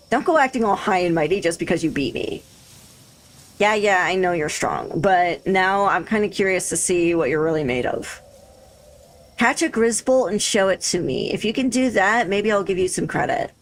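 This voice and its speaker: A woman's voice: on the low side, little pitch movement, moderate pace, creaky, hardly any pauses, husky, heavily acted. A woman voicing a cocky young female rival monster tamer in a Valley Girl drawl, with a brash, taunting manner.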